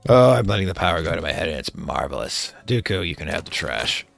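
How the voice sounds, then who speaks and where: A man's voice: sits low, vocal fry, a bit bright. A man hosting a video game let's play, casually commenting and hamming up a would-be villain. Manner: playful, slips into mock-villain theatrics.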